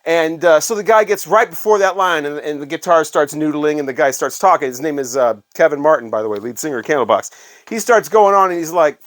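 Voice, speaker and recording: A man's voice: on the high side, a little fast, fairly bright tone. Middle-aged man telling rambling stories. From Illinois, USA. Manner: rambling and conversational, with frequent fillers. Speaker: former radio staffer, record collector. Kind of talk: casual storytelling vlog.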